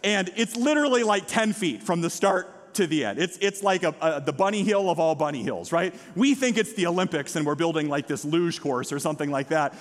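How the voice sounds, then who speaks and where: A pastor, preaching a sermon in a church and telling stories in an animated way with quoted voices. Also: male voice, fairly high pitch, a little fast, few pauses. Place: church sanctuary. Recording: long hall reverb.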